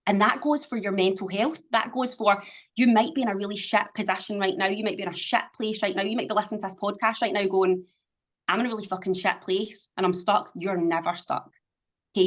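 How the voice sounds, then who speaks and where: A middle-aged woman, speaking as a podcast guest in casual conversation, emphatic and motivational, swearing freely. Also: medium pitch. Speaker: podcast guest, business owner.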